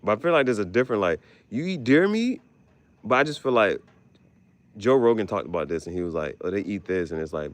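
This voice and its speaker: A man hosting a casual podcast chat, animated and profane, often jumping into squeaky exclamations. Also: brisk, dry recording. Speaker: podcast host.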